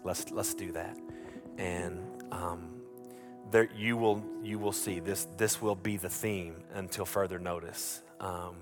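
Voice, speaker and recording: Male pastor, low-ish voice, storytelling sermon with many restarts, music bed underneath. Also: fairly even intonation, slow.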